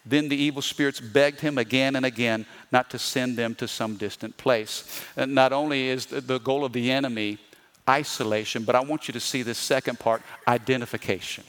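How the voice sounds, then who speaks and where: A male pastor preaching a sermon, swinging between loud emphatic bursts and slow hushed lines and calling the congregation for amens. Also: mid-range voice, steady tone. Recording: long reverb of a large hall.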